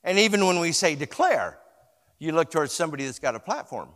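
Speaking quickly in a fairly high, sing-song voice, a male pastor delivers a sermon with a story in a large hall. He swings between quiet retelling and loud, forceful exhortation, asking the congregation to echo his words.

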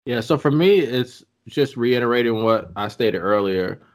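A man hosting a casual podcast, giving reflective advice in a halting way with many ums. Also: medium pitch, lively intonation. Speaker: podcast host.

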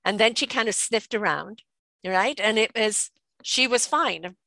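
A British woman in her sixties telling stories in a chatty, lively way, often laughing and checking in with "right?". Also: medium pitch, a little slow, creaky, no room sound. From Britain. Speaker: guest. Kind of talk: casual storytelling conversation.

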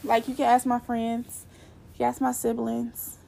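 Gravelly young woman telling a personal story. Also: fairly high pitch, little pitch movement, normal speed, warm tone. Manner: candid and rambling, with frequent fillers.

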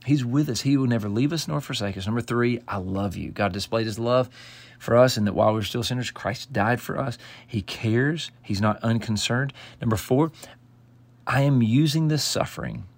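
A man's voice: mid-range voice, moderate pace. A man giving devotional Bible teaching, earnest and emphatic, quoting scripture and often restarting phrases. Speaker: pastor.

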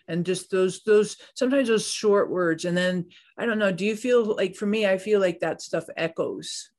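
A man's voice: sits high, measured pace. A man hosting a faith podcast, upbeat and enthusiastic as he chats with a guest. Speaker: podcast host.

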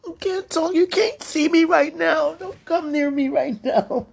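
A woman speaking an emotional prayer out loud, pleading and tender, repeating her phrases. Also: high voice, a little slow, gravelly.

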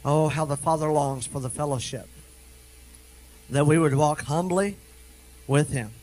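High-voiced man preaching animatedly. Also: rough recording. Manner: animated preaching, swings between quick asides and slow emphatic scripture reading. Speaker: minister. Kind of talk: sermon.

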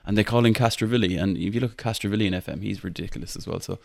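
Young Irish male podcast host, low-pitched, chatty and rambling, dry close recording. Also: very fast, creaky, no room sound. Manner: chatty, laughs often, many fillers and restarts. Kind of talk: casual football podcast chat.

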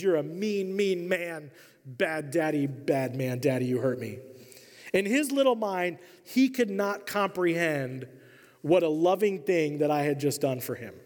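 A man in his forties preaching a sermon as a pastor, telling funny family stories with a lively, humorous delivery. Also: a little high. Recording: long reverb of a large hall.

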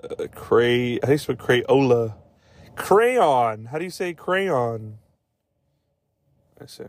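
A man's voice: mid-range voice, very animated, slow, dry recording. A man hosting a podcast in casual chat, rambling and swearing as he laughs at his own jokes. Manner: rambling, profane, laughs often. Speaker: podcast host.

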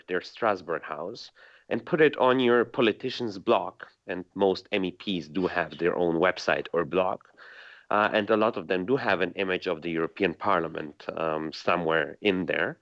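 A man calling in as a guest expert, explaining a topic in a measured way. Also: deep voice, a bit bright. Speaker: guest expert on internet regulation. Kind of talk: explanatory interview answer. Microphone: phone. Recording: lo-fi phone line.

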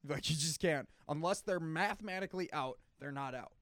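A man's voice: a little high, brisk, no room sound. Man losing his voice, arguing football. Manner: animated, trailing off and restarting, clears throat often. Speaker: sports talk co-host. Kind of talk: casual sports debate.

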